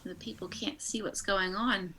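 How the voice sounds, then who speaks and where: A woman's voice: medium pitch, fairly even intonation, moderate pace, bright, forceful tone, breathy edge. A woman playing a tabletop game in character, improvising her answers tentatively. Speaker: player.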